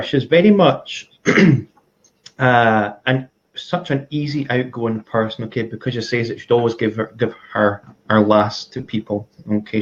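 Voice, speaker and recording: A man in his twenties giving a psychic reading, gently reassuring, often adding okay and sweetheart. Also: lowish voice. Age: 20s. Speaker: psychic medium guest. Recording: dull lo-fi livestream audio.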